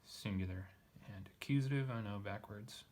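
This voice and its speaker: A man's voice: fairly low pitch, moderate pace, darkish tone. A man teaching a text line by line, thinking aloud with frequent fillers and self-corrections. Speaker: Greek teacher. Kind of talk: casual lesson reading.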